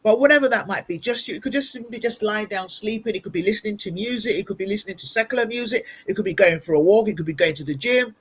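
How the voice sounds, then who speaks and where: A woman's voice: mid-range voice, fast talker, few pauses, slightly rough. A woman guest speaker giving earnest motivational advice in an interview, repeating points for emphasis, recorded over a video call. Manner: earnest, advising, repetitive for emphasis. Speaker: guest speaker and ministry leader.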